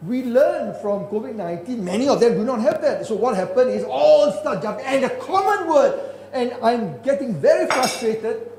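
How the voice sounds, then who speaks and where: A man's voice: very high-pitched, expressive, moderate pace, hardly any pauses, darkish tone. Emphatic older man in an echoey hall. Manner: emphatic, repeats and restarts words, rising indignation. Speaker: keynote speaker. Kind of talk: conference keynote lecture. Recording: echoey hall with faint ambience.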